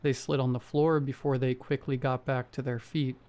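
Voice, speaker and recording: A man reading a first-person horror story aloud in a steady storytelling manner. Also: mid-range voice, moderate pace. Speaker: story narrator. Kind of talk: scripted horror narration.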